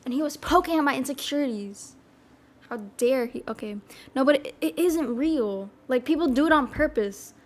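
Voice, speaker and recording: A young woman with a high, light voice rambles through casual chat as a streamer. She talks in loose, filler-heavy bursts and giggles between her thoughts. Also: normal speed.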